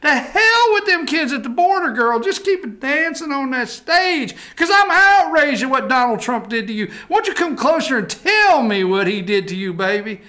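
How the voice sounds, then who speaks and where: A rowdy, leering good ol' boy hollers in a high, bright drawl, as a man puts him on. His voice is tense and cutting. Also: sing-song, moderate pace, hardly any pauses, exaggerated voice. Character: rowdy Texas man yelling at a stripper.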